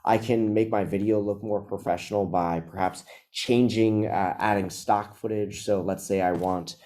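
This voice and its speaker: A man presenting a webinar, walking through a software demo in a relaxed, casual way with frequent ums and uhs. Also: fairly low pitch, normal speed.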